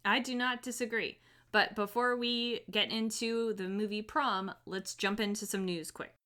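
A young woman hosting a casual movie review podcast, chatty and quick to laugh, swearing now and then. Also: mid-range voice, steady tone, pushed and bright. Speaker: podcast host.

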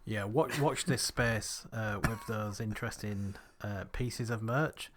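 A man's voice: fairly low pitch, slow pace. Upbeat man hosting a podcast. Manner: upbeat, leading the wrap-up. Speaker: podcast host. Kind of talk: casual podcast chat.

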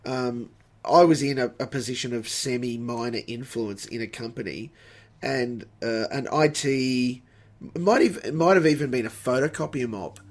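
A man with an ordinary mid-range voice tells a relaxed anecdote as a podcast co-host. He talks in an easygoing, chatty way. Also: mid-range voice, moderate pace. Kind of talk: casual chat, storytelling.

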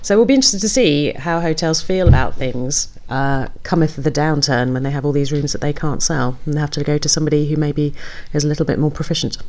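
Woman, very low voice, mellow tone, podcast panelist, wry, dry humor. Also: brisk, low-quality recording. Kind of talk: casual panel discussion.

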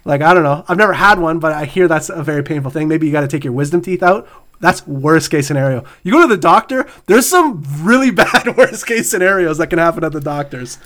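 A man's voice: on the high side, lively intonation, brisk, a bit bright. Big-voiced middle-aged man, chatty host. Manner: laughs often, reads out would-you-rather questions. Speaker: podcast host. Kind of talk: casual chat.

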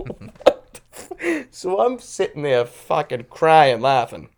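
A man's voice: fairly high pitch, huge pitch swings, slow pace, gravelly. Profane, laughing storyteller man. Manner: profane, laughing, acts out voices in his stories; petty and confrontational. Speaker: podcast co-host. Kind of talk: casual storytelling chat.

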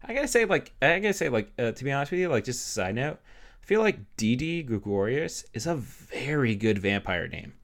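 A man's voice: mid-range voice, sing-song, fairly quick. A young man co-hosting a podcast, spinning rambling improvised stories with many fillers and casual swearing. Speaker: podcast co-host. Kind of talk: casual comedic chat.

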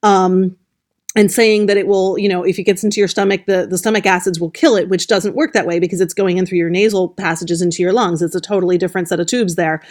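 A woman journalist, a guest on a podcast, explaining in a gentle way with frequent restarts. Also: on the low side, steady tone, quick pace. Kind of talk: podcast interview.

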